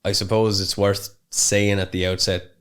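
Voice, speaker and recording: A man's voice: fairly low pitch, little pitch movement, normal speed, a bit bright, smooth. A young man co-hosting a podcast, talking in a rambling, chatty way with plenty of fillers and restarts. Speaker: podcast co-host. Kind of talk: casual podcast chat.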